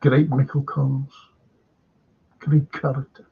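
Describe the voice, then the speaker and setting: A man's voice: mid-range voice, flat delivery, takes it slowly, slightly rough. An older man with a Liverpool accent hosting a live stream, chatting casually and reading out viewer comments in a meandering way with many restarts. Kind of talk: rambling casual chat. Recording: dull lo-fi stream audio.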